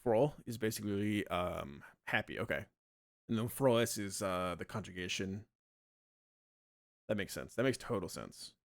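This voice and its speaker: A man's voice: on the low side, unhurried, vocal fry, no echo, clean studio sound. A man chatting casually on a live stream while he plays, thinking aloud and rambling with plenty of fillers.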